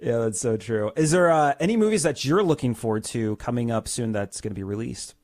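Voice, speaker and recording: A man's voice: medium pitch, expressive, fairly quick, darkish tone, no room sound, studio quality. A young man hosting a casual interview, easygoing and hesitant, with frequent fillers. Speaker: podcast host.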